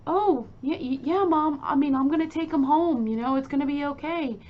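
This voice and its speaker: A woman's voice: sits high, little pitch movement, slow pace, pitched above the performer's own voice. A woman doing a whimpering grown man begging. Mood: pleading. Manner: pleading, whiny. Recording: dull lo-fi recording.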